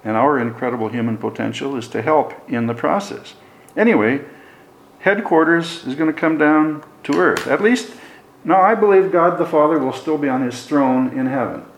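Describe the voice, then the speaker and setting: Gravelly man preaching a sermon. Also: fairly high pitch, moderate pace, roomy sound, slight background noise, poor audio. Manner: conversational Bible teaching with folksy asides.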